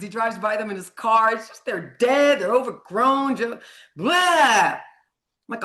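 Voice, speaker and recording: A woman's voice: on the high side, animated, measured pace, sharp tone. A middle-aged woman coaching on sugar addiction in a live online training, chatty and frank, swearing casually and laughing often.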